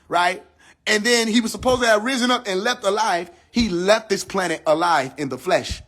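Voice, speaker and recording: A man with a high-pitched voice preaches on a phone live stream. He talks casually, swears freely and keeps asking rhetorical questions. His voice swings from emphatic high lines to quiet low asides. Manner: casual speech with slang and profanity. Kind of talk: spiritual teaching on a live stream.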